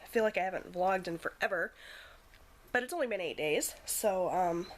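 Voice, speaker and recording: A woman's voice: lowish voice, animated, moderate pace. A woman in her thirties, a mother, chatting casually to camera in her home kitchen with lots of ums. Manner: chatty, rambling, frequent ums. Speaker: vlogger, mother. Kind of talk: casual vlog talk to camera. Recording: noisy home video recording.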